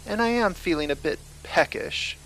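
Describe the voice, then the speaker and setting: A man's voice: high voice, animated, moderate pace, creaky, a bit bright, a little hiss or hum, voice pushed up, exaggerated voice, rough recording. A man voicing a crude, mocking supernatural woman who is hungry for her victims, in a read-aloud horror story. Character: sharp-tongued female supernatural, crude and hungry.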